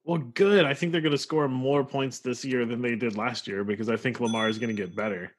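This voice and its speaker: A man's voice: mid-range voice, fairly even intonation, a little fast, a little hiss or hum. A man co-hosting a casual fantasy football podcast, emphatic and confident in his takes. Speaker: podcast co-host.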